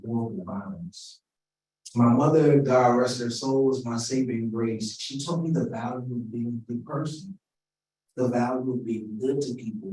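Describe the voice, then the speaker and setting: A man in his forties gives a keynote address in a relaxed, joking, conversational way, his voice at an everyday middle pitch. He is picked up from some distance, and the sound carries plenty of room echo from the hall. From Washington, D.C. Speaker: keynote speaker. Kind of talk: keynote speech. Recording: roomy sound, mic at a distance.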